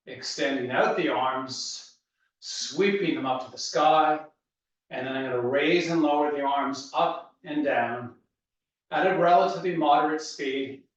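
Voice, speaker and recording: A man leading a guided workout with calm, steady coaching cues, out of breath. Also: on the high side. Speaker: fitness instructor. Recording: echoey room, voice from far off, dull sound.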